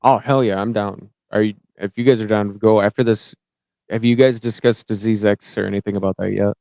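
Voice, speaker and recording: A man's voice: lowish voice, steady tone, a little fast, vocal fry, a little mellow, no echo. A man from Michigan in casual podcast chat, enthusiastic and slangy, calling people dude.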